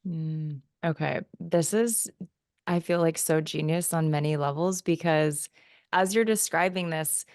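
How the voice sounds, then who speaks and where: Low, smooth-voiced woman podcast host. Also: unhurried, a little mellow, no echo, studio quality. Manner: affirming, reflective listener. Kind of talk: podcast interview.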